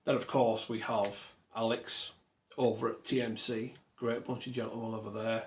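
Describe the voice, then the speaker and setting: Speaking in a lowish, level tone at a moderate pace, the host of a model railway channel reflects to camera. He comes across as earnest and thankful, wandering through his thoughts and frequently fixing his sentences partway through.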